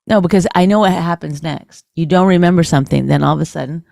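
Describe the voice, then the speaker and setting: A woman's voice: fairly low pitch, fast, creaky, hardly any pauses, mellow, no room sound, studio quality. A middle-aged woman co-hosting a comedy podcast, teasing her husband with mocking impressions in casual banter. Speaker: podcast co-host.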